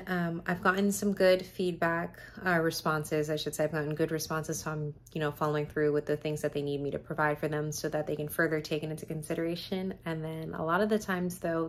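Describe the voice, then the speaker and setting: A woman's voice: sits low, a little hiss or hum. A woman in her twenties, a medical student, chatting candidly to the camera at home at the end of a long day, tired and full of fillers. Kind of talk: casual vlog chat.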